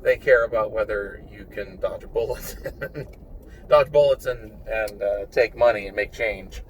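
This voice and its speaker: A man's voice: lowish voice, unhurried. A blunt, opinionated man who swears freely, rambling casually while he drives his car. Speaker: vlogger. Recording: distant mic in a car, faint engine noise.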